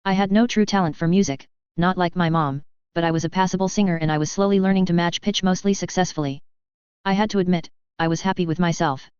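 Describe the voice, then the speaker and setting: A woman narrating a first-person story in a steady, even reading voice. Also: fairly low pitch, fast, clean tone, no room sound. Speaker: fan fiction reader. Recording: dry, slightly dull lo-fi recording.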